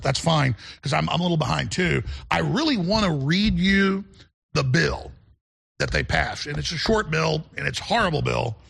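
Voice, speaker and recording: A man's voice: fairly high pitch, vocal fry, a bit bright, slightly rough. A man hosting a talk radio show, delivering a rambling, emphatic monologue full of repeated restarts. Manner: emphatic and combative.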